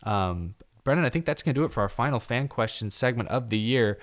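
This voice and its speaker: A man's voice: medium pitch, lively intonation, fairly quick. A young man hosting a casual podcast chat, talking in an easygoing, self-deprecating way with plenty of fillers. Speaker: podcast host.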